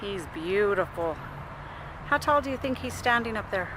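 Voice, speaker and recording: A young mom chats her way along an outdoor trail for a family vlog, laughing often, cooing at her toddler, and slightly breathless from the walk. Her mid-range voice has lively intonation at a moderate pace, with background noise behind it.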